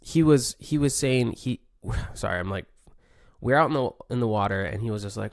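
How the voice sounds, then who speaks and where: A man's voice: on the low side, normal speed, dry recording, clean studio sound. A man talking casually and reflectively, full of laid-back surfer slang and fillers. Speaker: pro surfer podcaster.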